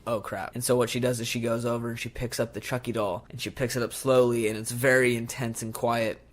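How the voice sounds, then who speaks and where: Animated male podcast co-host. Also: mid-range voice, fast. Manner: animated retelling, acts out movie lines. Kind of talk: casual chat.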